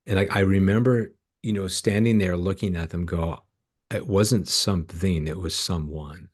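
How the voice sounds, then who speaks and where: A middle-aged man from Canada with a very low, deep voice tells ministry stories as a podcast guest. He is earnest and heartfelt, and he acts out the lines of the people in his stories. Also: moderate pace, darkish tone. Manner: earnest, emotional storyteller acting out dialogue. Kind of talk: storytelling in a podcast interview.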